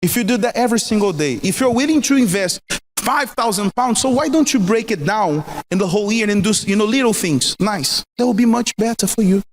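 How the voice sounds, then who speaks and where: A man in his fifties talks through relationship advice in a persuasive, earnest way. His voice sits fairly high for a man, and he keeps turning questions back to the listener. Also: expressive, a little fast. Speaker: relationship talk show guest. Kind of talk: casual advice talk.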